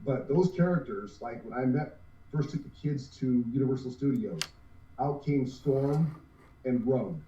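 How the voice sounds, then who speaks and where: A man's voice: medium pitch, lively intonation, normal speed, mellow, slight background noise. A man, co-owner of a cosplay group, talking earnestly in a casual interview with many restarts. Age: 50s. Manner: rambling, earnest, restarts often. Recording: roomy, distant, dull lo-fi sound.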